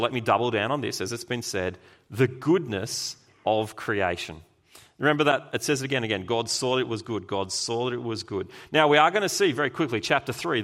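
A man preaching a sermon as pastor, lively and emphatic, with sudden loud bursts. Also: medium pitch.

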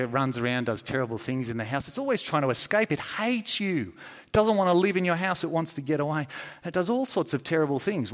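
A man preaching a sermon to a congregation with children, telling stories with lively, acted-out scenes. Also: mid-range voice. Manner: animated storytelling, acts out scenes with shouts and mock laughs.

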